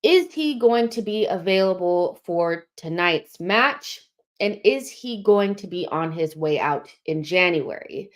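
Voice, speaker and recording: A woman's voice: on the low side, animated, unhurried. A young woman hosting a live football fan stream, chatting casually, a little out of breath as she reads viewer comments. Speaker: host of a football fan show.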